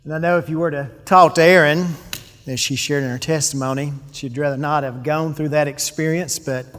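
A man's voice: fairly high pitch, big-room sound. A man, a pastor, explaining his point in an earnest sermon.

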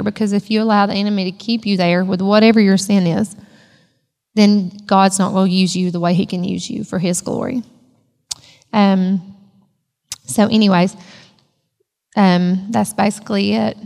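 A woman's voice: medium pitch, vocal fry, darkish tone, big-room sound. A woman sharing an emotional personal testimony in a storytelling manner. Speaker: church member giving testimony.

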